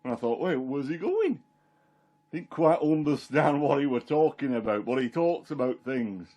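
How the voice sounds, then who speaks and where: A man's voice: mid-range voice, very animated, moderate pace, warm tone. Peter the fisherman, plain-spoken and chatty , played by a man, first-person monologue. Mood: fond. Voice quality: homely dialect storytelling, plain and chatty. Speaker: Christian storyteller in character.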